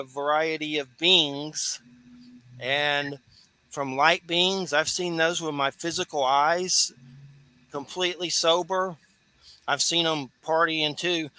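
A man, a bright, forceful voice pitched a little high for a man. He hosts radio in a loose, rambling way, laughing easily between asides. The sound is close and dry, with no room around it. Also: dry recording. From Georgia, US. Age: 40s. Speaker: radio show host. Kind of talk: casual radio talk.

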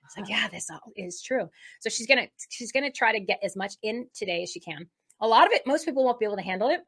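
A woman co-hosting a faith talk show, opening the episode in a rambling, excitable way with many restarts. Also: on the high side, quick pace, husky. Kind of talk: casual spoken introduction.

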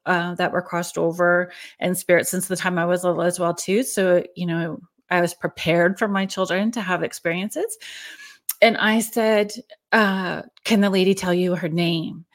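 A woman in her forties hosting a podcast, friendly and chatty, reading out viewer comments and sharing a story. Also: fairly low pitch. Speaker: podcast host. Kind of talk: casual chat.

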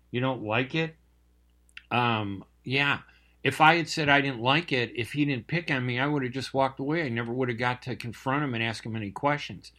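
An older man talks with passionate, emphatic conviction, leaning on repetition to drive his points home. He often pauses on fillers and restarts his sentences. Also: mid-range voice, sharp tone. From Palestinian family. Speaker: journalist. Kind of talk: opinionated monologue.

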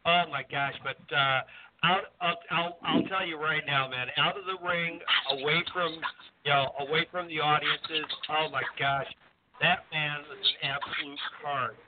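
A man's voice: on the high side, steady tone, normal speed. A man co-hosting a radio talk show, chatting casually with lots of fillers. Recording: tinny phone line with hiss.

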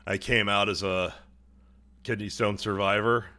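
A young man on a podcast, telling a long story casually, swearing often and putting on quick voices for the people in it. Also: fairly low pitch, fairly even intonation, pushed and bright. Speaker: podcast co-host. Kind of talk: casual chat.

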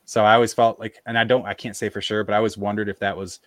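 A man telling a personal story in casual conversation, halting and full of fillers and restarts, on a video call. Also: on the low side, level tone, fairly bright tone, no room sound, studio quality. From American South, Appalachia. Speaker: podcast guest.

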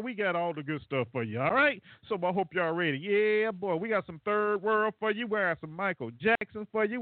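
A man's voice: sits high, no room sound. A man hosting a casual call-in talk show, rambling and laughing at his own jokes. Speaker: radio show host. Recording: dry, phone-like internet radio line.

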